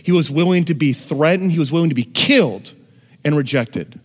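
A man's voice: fairly high pitch, normal speed, breathy edge. Man preaching in a reverberant hall. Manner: storytelling, swings from hushed to loud and emphatic. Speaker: pastor. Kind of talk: sermon. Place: church hall with an audience. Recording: long reverb of a church hall.

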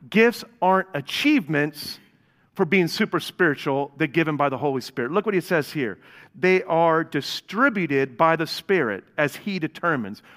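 A man with a fairly high voice preaches a sermon, speaking straight to his congregation as he tells a story. His delivery swings between hushed and loud, excited moments. A long hall reverb trails behind every phrase. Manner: storytelling, addresses congregation directly. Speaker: pastor.

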